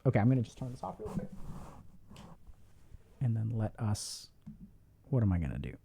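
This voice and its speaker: With a fairly low, warm voice that has vocal fry and a sing-song lilt, a middle-aged man hosts a livestream on mental health at a moderate pace. He lectures his chat casually and emphatically, repeats phrases for stress, and talks to them directly and informally. There is slight background noise.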